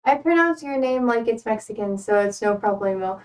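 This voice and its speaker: A woman's voice: mid-range voice, lively intonation, brisk, a little mellow, far from the mic, poor audio. A young American woman chatting casually with her stream while repotting plants, rambling and self-deprecating. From United States.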